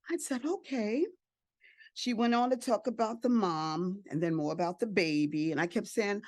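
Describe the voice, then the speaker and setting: A woman's voice: medium pitch, moderate pace, darkish tone, dry recording. An older woman, an adoptive and foster parent, telling her story emotionally at a family support event, with repeated phrases and acted-out quotes.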